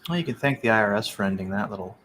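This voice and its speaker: A man's voice: fairly low pitch, animated, racing, fairly bright tone, slight background noise. A man joining a casual online panel chat, chatty and teasing, laughing often. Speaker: panel guest.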